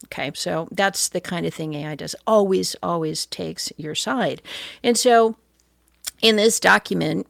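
A woman's voice: fairly low pitch, measured pace, creaky, no echo. A middle-aged woman hosting talk radio, emphatic and moralizing, repeating her points for emphasis.

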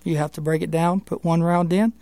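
Man, Southern US accent, folksy, plain-spoken, interview guest, slightly high voice, dry sound. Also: steady tone, fairly quick, darkish tone, no echo. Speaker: firearms instructor guest.

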